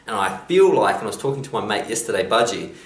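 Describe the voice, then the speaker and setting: Aussie self-help vlogger, chatty storyteller with a lowish voice, echoey room. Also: male voice, animated, fast. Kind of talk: motivational talk.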